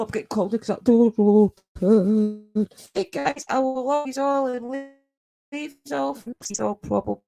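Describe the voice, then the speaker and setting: In a mellow, creaky, mid-range voice, a Scottish woman hosts a nighttime paranormal live stream from her home. She keeps things casual with her audience, laughs frequently and welcomes viewers by name.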